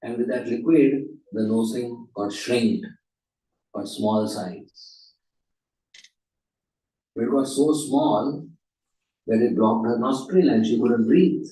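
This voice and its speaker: Brief: unhurried male class speaker with a mellow voice and animated storytelling, recorded far from the mic in a roomy hall. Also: mid-range voice. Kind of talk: storytelling lecture. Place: temple hall.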